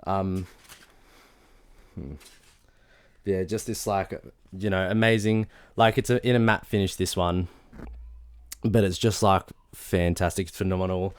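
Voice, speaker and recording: A man's voice: low-pitched, fairly even intonation, unhurried, pauses often, clear, resonant tone. A young Australian man chatting casually in a video journal, enthusiastic and rambling, with many fillers and restarts. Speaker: vlogger.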